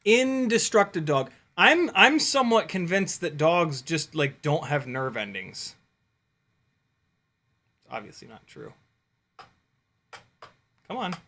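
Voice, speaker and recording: A man chatting casually while flying a drone on a live stream, excitable, laughing and swearing, talking to his dog. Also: a little high, slow pace, pauses often, slight background noise. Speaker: FPV drone pilot and streamer.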